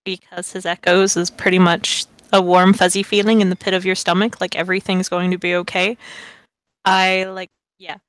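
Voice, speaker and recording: A woman's voice: on the low side, normal speed, no echo. A young woman, a player in a tabletop role-playing game, chatting casually with rambling asides and fillers. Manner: chatty, rambling with fillers, bursts into excited squeals.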